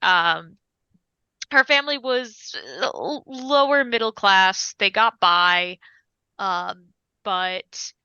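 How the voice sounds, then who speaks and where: Slow, bright-voiced woman with a lo-fi sound. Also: mid-range voice, smooth, no room sound. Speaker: player. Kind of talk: describing her character at a tabletop game session.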